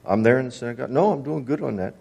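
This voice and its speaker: An evasive tax collector brushes off every question with quick, cocky assurances, as a preacher puts him on. The voice is husky and a little breathy, never far from a plain speaking tone. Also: male voice, mid-range voice, darkish tone. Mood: defensive.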